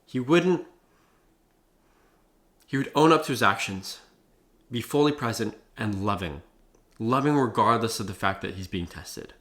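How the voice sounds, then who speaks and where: A young man talks straight to camera, giving advice in a loose, profane vlog style. He leans on "like" and "bro" as he talks. His voice sits a little low. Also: expressive, a little slow, pauses often, a bit bright. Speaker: vlogger. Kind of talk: casual talking-head advice.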